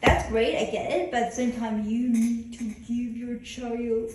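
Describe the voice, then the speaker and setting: Animated, rambling woman in an echoey room. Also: a little high, measured pace, slight background noise. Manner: rambling storytelling with self-interruptions. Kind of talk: casual conversation. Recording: echoey room, mic at a distance, faint ambience.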